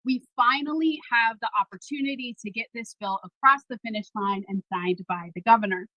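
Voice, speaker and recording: A woman's voice: a little high, a little fast, highs cut off, noisy background. A woman, a mother and person of faith, giving an assured, rousing speech at a rally. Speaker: speaker at a political rally.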